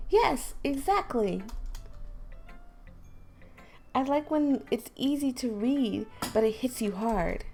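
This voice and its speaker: A proud, prickly teenage girl from a game talks bluntly, always on the defensive, as a woman puts her on. Her voice sits higher than a plain speaking voice and carries a gravelly rasp. Faint music plays underneath. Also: expressive, unhurried, darkish tone, full character voice. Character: feisty proud teenage girl club member.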